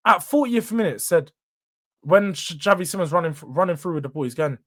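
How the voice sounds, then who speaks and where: On his fan reaction show, a young male host with a fairly high voice delivers a frustrated match monologue. His expressive, rather quick rant swells into abrupt loud bursts, then settles back down.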